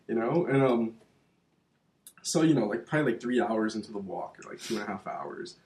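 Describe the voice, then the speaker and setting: A man co-hosting a casual podcast chat, telling stories in an animated, heated way with plenty of swearing. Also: fairly low pitch, fairly quick. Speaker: podcast co-host. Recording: roomy echoey room.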